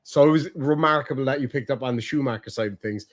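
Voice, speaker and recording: A young man hosting a casual chat, explaining slang in a profane, animated way. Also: medium pitch, fast talker. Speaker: streamer host.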